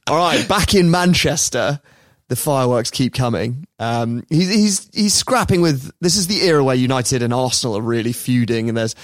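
A man's voice: medium pitch, normal speed, no room sound, studio quality. Chatty man telling a story. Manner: chatty, laughs often, puts on voices for quotes. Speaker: podcast host. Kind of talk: casual storytelling chat.

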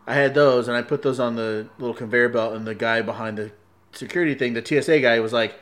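A man in a casual chat, telling a story in an animated way, laughing often and acting out quoted lines. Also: medium pitch, quick pace.

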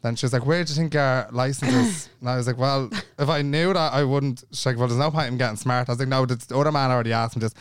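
A man's voice: medium pitch, fast talker, hardly any pauses, clear, resonant tone, dry recording, studio quality. A young Irish man co-hosting a podcast, telling a long story in casual chat, acting out the people in it and swearing freely. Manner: animated, acts out every voice in his story, swears freely. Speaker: podcast co-host.

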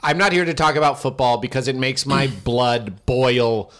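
A man's voice: mid-range voice, normal speed, a bit bright, lightly acted. Man improvising a boastful alien quarterback, stiff and formal, in a comedy podcast bit. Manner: stiff, formal and boastful, slipping into broken English.

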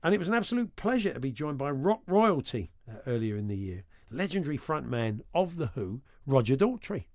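A man's voice: mid-range voice, sing-song, darkish tone, a little hiss or hum. A man hosting a radio show, joking and laughing with his co-host. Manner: jokey, quick to laugh. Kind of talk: casual chat.

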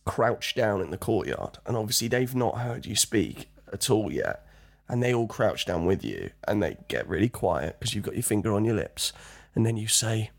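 A man's voice: on the low side, very animated, normal speed, vocal fry. A man who is a guest actor, telling stories in casual chat and laughing often.

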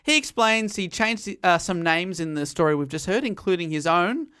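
Podcast host recapping a novel, mid-pitched. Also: lively intonation, normal speed, a bit bright, clear, resonant tone. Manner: recounts the plot with laughter, quoting passages. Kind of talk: casual chat and story recap.

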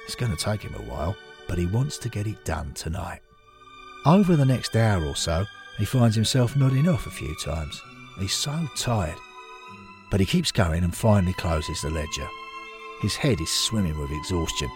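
A man narrating a story in an expressive, dramatic scripted manner. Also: low voice.

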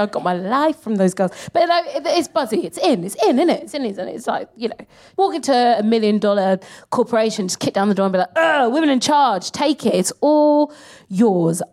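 A woman, co-hosting a live comedy podcast in an animated, sweary style and slipping into mocking impressions. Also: a little high, brisk. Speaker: co-host. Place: live stage before an audience.

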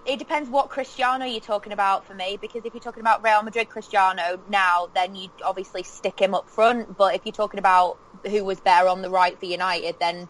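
A woman's voice: mid-range voice, steady tone, fairly quick, few pauses, low-quality recording. A woman chatting on a football podcast, opinionated and teasing. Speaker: podcast co-host. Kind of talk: casual podcast chat.

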